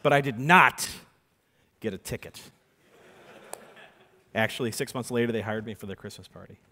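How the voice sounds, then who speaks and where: A man in his thirties tells a story from the keynote stage, his voice sitting at an ordinary middle pitch. He is animated, dropping to a hush and then rising to near-shouting as he acts out the voices in the tale. A long hall reverb trails behind every word. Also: moderate pace, slight background noise. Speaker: keynote speaker and magician. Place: large conference hall.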